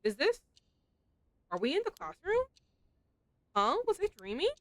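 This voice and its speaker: A woman voicing a cheerful, loyal high-school girl who speaks in a high, eager voice. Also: wildly swooping pitch, a little slow, no echo, heavily acted. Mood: confused.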